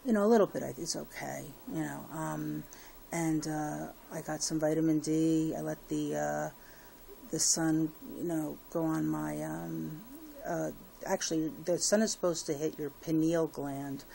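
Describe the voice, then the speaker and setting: Low, flat, gravelly-voiced woman vlogging. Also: unhurried, a little hiss or hum. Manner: rambling, full of fillers and restarts. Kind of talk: casual personal update to viewers.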